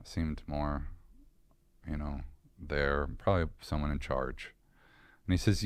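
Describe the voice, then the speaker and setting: A man with an extremely deep voice tells his story to a podcast host, candid and earnest, often restarting his sentences. The sound is dry and close, with no room around it. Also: steady tone, takes it slowly, dry recording. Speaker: podcast guest. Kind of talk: personal story in casual interview.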